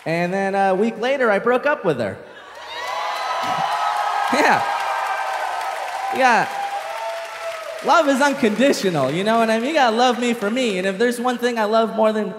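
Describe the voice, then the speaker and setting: High-voiced man telling a stand-up story. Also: fast, long reverb tail, over a noisy crowd, heavy background noise. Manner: animated, swears freely, acts out shouts. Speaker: stand-up comedian.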